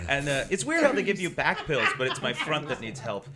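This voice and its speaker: A man's voice: on the high side, huge pitch swings, a little fast, over a noisy crowd. A man in his thirties, a stand-up comedian, joking and laughing through casual podcast chat in front of a live studio audience. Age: 30s. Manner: joking, laughs often, goofy voices.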